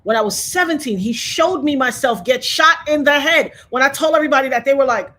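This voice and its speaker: A woman's voice: sits high, brisk, pushed and bright. A woman in her fifties, telling her story with fervent, preacher-like conviction as an interview guest. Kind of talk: emotional testimony in conversation.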